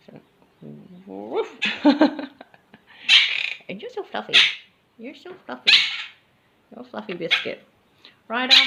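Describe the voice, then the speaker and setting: A woman with a creaky, mid-range voice films a casual home vlog about her pet birds, chatting and cooing baby talk to them. The recording has loud background noise and clicks.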